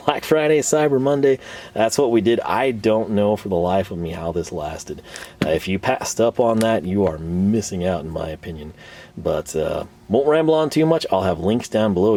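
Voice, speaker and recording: Mellow-voiced man rambling in his shop. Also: lowish voice. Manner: rambling, lots of fillers and restarts. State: tired, voice worn. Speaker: tool reviewer. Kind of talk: casual tool haul vlog. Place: home garage shop. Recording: distant camera mic.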